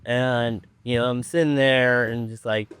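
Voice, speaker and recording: A man's voice: mid-range voice, steady tone, measured pace, a bit bright, clear, resonant tone. A man from Orange County who runs a treatment program, telling a story in a rambling, laid-back way full of fillers. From Orange County, California. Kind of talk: casual storytelling on a podcast.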